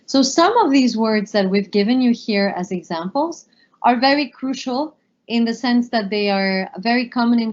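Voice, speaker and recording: A woman's voice: mid-range voice, darkish tone. A woman co-teaching a pronunciation lesson, giving fluent, encouraging explanations. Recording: dull lo-fi recording.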